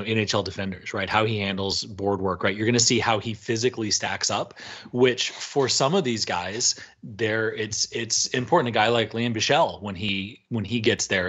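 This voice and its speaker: Male podcast co-host, low husky voice, analytical chat with rhetorical tags. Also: a bit bright, muffled recording. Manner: analytical, asks rhetorical "right?". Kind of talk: casual chat.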